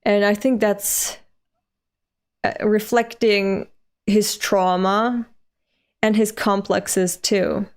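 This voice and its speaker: A woman reading a manga aloud and reacting with expressive, animated commentary that jumps high when she is moved. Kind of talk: emotional read-along reaction.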